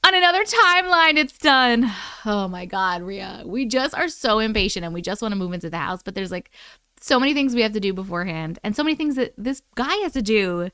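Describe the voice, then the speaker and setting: Slightly high and smooth, her voice moves fairly quickly as she hosts a laid-back livestream with an Oklahoma accent. Reading chat, she vents, animated and exasperated, with frequent cursing and laughter. The audio is clean studio sound with no room noise.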